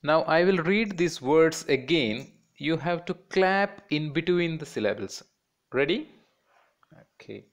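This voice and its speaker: A man's voice: on the high side, lively intonation, a little slow. A man teaching a children's class in Indian English, patiently repeating words and breaking them into syllables.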